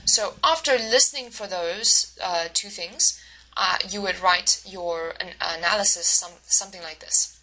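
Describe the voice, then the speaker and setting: A woman university instructor gives a recorded lecture, explaining things step by step with fillers and restarts. Her voice sits on the low side and she speaks a little slowly. Crowd noise is audible, and the recording quality is low.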